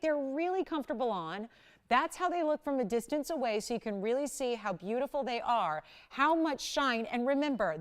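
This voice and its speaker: A woman hosts a live television jewelry sale, talking viewers through every detail with eager urgency. Her voice is smooth and clear, sitting at an ordinary middle pitch, and she keeps pressing people to call in now. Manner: enthusiastic, persuasive, urgent selling. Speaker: TV shopping host. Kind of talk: live home shopping sales pitch. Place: TV studio.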